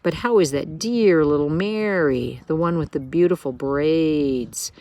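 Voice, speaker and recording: A woman's voice: low-pitched, measured pace, dark tone. A woman voicing a gossipy housemaid in a storybook reading, with a folksy, emphatic way of talking. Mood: chatty. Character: Irish maid, chatty, gossipy.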